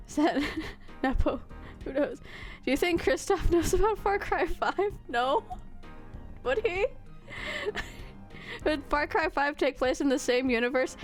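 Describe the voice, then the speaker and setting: A woman's voice: high voice, lively intonation, slow pace, faint music behind. Chatty, self-mocking woman streamer. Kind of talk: casual game streaming chat.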